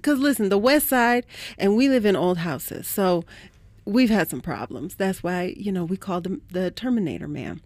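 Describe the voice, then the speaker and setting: A woman co-hosts a morning radio show, speaking bluntly and laughing often. Her voice has a middle pitch and sounds close and dry on the studio mic. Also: expressive, normal speed, darkish tone, dry recording. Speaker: radio co-host. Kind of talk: casual morning radio banter. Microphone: studio microphone.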